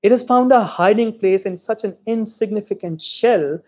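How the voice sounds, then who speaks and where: A man reading a short story aloud in an expressive, theatrical way. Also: high-pitched, moderate pace. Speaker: reader.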